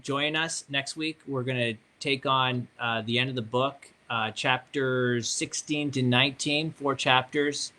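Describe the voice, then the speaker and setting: A man with a Canadian accent hosting a relaxed book club chat, upbeat and joking, thinking aloud with fillers. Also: medium pitch, slight background noise. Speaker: host.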